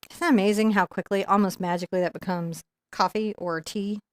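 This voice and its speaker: A woman's voice: mid-range voice, fairly even intonation, brisk, dry recording. A middle-aged woman teaching a live painting lesson, chatty and rambling, laughing now and then. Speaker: painting instructor.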